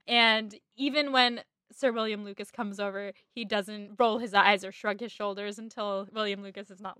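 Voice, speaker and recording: A woman's voice: a little high, sharp tone, no room sound, studio quality. A young woman co-hosting a podcast in casual book chat, giggly and gushing, sighing often. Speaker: podcast co-host.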